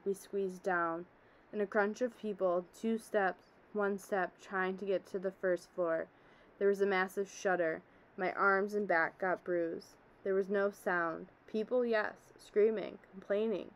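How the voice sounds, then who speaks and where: A woman's voice: medium pitch, fairly even intonation, takes it slowly, rough recording. A woman reading a story aloud, telling it as a man who survived a disaster, in an earnest, haunted way. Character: middle-aged man, former office worker, shaken survivor.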